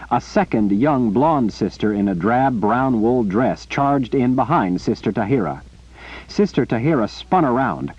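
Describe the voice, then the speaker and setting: Animated, husky male audiobook narrator. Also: medium pitch, no room sound. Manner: animated storytelling. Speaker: audiobook reader. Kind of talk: scripted narration. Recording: muffled lo-fi recording.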